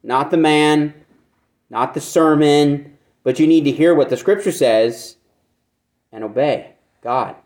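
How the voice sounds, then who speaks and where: A man's voice: fairly high pitch, slow, long pauses, darkish tone. A man preaching a conversational sermon who keeps asking his listeners rhetorical questions and repeats phrases for emphasis. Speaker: pastor.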